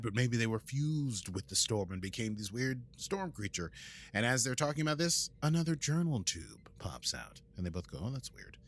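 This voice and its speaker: A man's voice: mid-range voice, fairly bright tone. An American man co-hosting a podcast, recapping an episode in a rambling, jokey way with many fillers and restarts. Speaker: podcast co-host.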